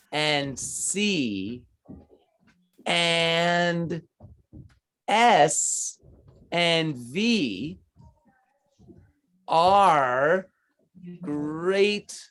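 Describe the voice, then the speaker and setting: A man teaching math to children, patient and encouraging as he explains each step. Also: a little high. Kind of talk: online class teaching.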